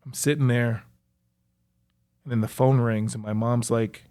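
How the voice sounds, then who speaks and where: A young man, a professional athlete, reflectively recounting his own life story in a halting way, with frequent fillers. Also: medium pitch, fairly even intonation, a little mellow, clean tone. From United States. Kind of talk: personal storytelling.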